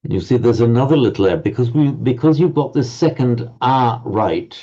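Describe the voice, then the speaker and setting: A man's voice: mid-range voice, lively intonation, moderate pace, warm tone. A man teaching Pali pronunciation to a group class, patiently correcting students and often repeating words while he searches for the next one. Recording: dull lo-fi audio.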